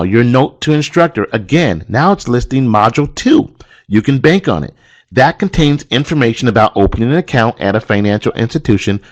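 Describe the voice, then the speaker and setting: Man coaching trainers, emphatic and steady. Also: lowish voice. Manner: coaching, emphatic, repeats key points. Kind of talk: instructional walkthrough.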